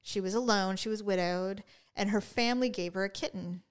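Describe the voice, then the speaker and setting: A woman's voice: medium pitch, a little fast, clear, resonant tone. A woman co-hosting a podcast in casual chat, telling stories and acting out what other people said. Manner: chatty storyteller, acts out quotes in funny voices. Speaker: podcast co-host.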